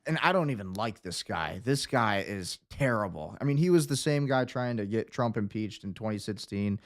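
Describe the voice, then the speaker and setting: A man's voice: on the low side, expressive, moderate pace. A man hosting a livestream watch-along, reacting in a casual, chatty way. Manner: casual, chatty, uses fillers. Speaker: livestream host.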